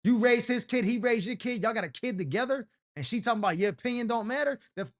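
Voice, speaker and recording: A man's voice: extremely high pitch, quick pace, fairly bright tone. A man hosting an advice show, talking in a slangy, fired-up, heated way. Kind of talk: casual advice rant.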